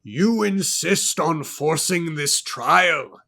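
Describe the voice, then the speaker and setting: A man doing a haughty elder official who talks in a raised, lofty voice and stretches every word out slowly. He sounds self-important and commanding, loud and deliberate. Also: fairly high pitch, gravelly, voice pushed up, heavily acted. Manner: lofty, drawn-out speech. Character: lofty male kandra elder, bureaucrat, thick accent.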